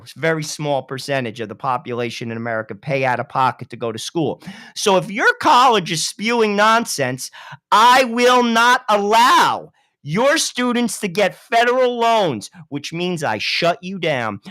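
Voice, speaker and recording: A man talking politics on a talk show, blunt and emphatic, pressing his points hard. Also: bright, forceful tone. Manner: blunt and emphatic, swinging in pitch.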